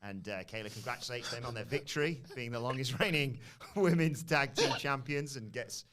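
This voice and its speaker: A man's voice: mid-range voice, normal speed, a bit bright. A man co-hosting a podcast, recapping a show in a casual, giggly storytelling way. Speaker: podcast co-host.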